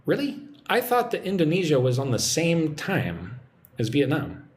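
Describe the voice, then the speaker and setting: A man giving a live-streamed English lesson, relaxed and chatty as he reads out viewer comments. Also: fairly high pitch, moderate pace. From United States. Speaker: English teacher.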